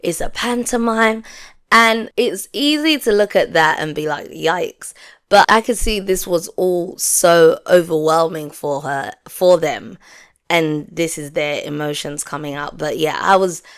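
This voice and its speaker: A woman's voice: low voice, unhurried, clean tone. A young woman reviewing a reality show in casual chat, acting out her own reactions as she goes.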